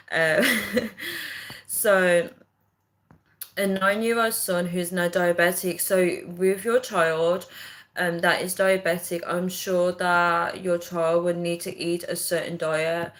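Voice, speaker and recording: A young woman from England with a Birmingham accent talks casually on a livestream and reads out viewers' comments. Her voice sits fairly low. She fills her talk with "like" and "um" as she chats along. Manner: chatty, warm-hearted, lots of fillers. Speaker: livestream host.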